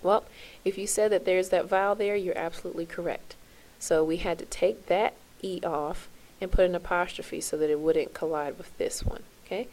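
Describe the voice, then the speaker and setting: A woman's voice: on the low side, steady tone, moderate pace, darkish tone. Woman teaching French, chanting endings. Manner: checks in with "okay?" and quizzes the class by name; spells out endings in a rhythmic chant. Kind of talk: classroom lesson video.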